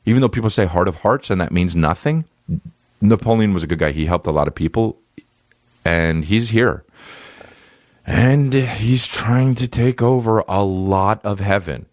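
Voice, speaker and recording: A man in his forties, a comedian hosting his podcast, riffing crude jokes in an animated way and jumping into high silly voices. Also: normal speed, dry recording, studio quality. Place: podcast studio. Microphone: studio microphone.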